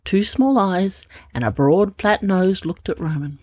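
A woman narrating a children's story, gentle and expressive. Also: medium pitch, measured pace, no echo. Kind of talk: storybook reading.

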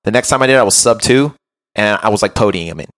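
A man hosting a podcast as a run coach, telling an animated, self-mocking story in casual chat and often checking in with "right?". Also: on the low side, quick pace.

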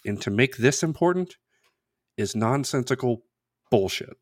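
A man's voice: mid-range voice, animated, a little slow, no room sound, studio quality. A man hosting a sports podcast who speaks in a blunt, indignant, profane way. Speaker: podcast host. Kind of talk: casual sports podcast rant.

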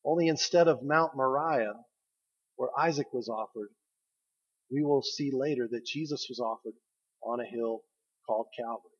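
A pastor giving a conversational sermon, stressing key words and slowing down for emphasis. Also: male voice, mid-range voice, breathy edge, lo-fi sound. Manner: conversational, emphatic preaching with slow pauses.

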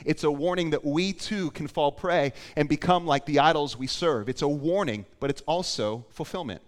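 A man preaching a sermon, his voice a touch higher than most men's. He moves from quiet, deliberate emphasis to loud, urgent calls. A long reverb trails every phrase. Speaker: pastor.

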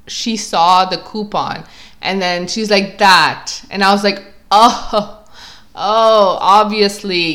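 A young woman vlogger telling a casual story, chatty and animated, filling her talk with "like" and acting out what people said. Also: medium pitch. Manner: chatty, filler-heavy with constant "like"; animated, acts out quotes.

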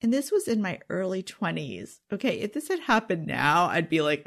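A woman's voice: fairly low pitch, sing-song, normal speed, vocal fry, hardly any pauses. A woman giving a confiding self-help talk straight to her listeners, earnest and intimate, sometimes dropping to a whisper. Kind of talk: confiding direct-to-camera talk.

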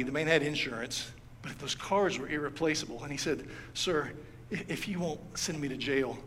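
A pastor delivers a sermon in a slightly high voice, spinning a story and acting out the lines of its characters. His voice carries a long reverb, with a faint hum of room ambience behind it. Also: a bit bright. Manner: storytelling, acts out quoted lines. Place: church sanctuary.

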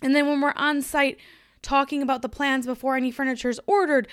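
A woman's voice: sits high, level tone, a little fast, fairly bright tone, no room sound, clean studio sound. A woman hosting her own podcast in a chatty, emphatic solo monologue, laughing easily as she talks. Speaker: podcast host.

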